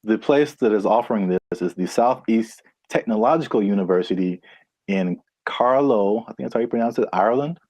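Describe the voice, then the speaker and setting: A man co-hosting a casual podcast, laid-back and quick to laugh, recorded close on a studio mic. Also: on the low side, darkish tone, no echo. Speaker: podcast co-host.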